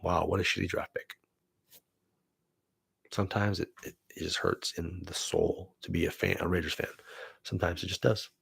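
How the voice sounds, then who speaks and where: A man's voice: low-pitched, little pitch movement, normal speed, creaky, pauses often, fairly bright tone, husky, no room sound. A man in his forties hosting his own vlog, chatting casually and enthusiastically and swearing freely. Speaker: vlog host, film student. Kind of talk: casual rambling chat.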